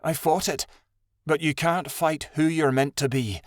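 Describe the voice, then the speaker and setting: A man's voice: fairly high pitch, fairly even intonation, a little slow, no echo, studio quality, pitched above the performer's own voice, lightly acted. A man doing a young, earnest heroine she-wolf. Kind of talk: audiobook character voice.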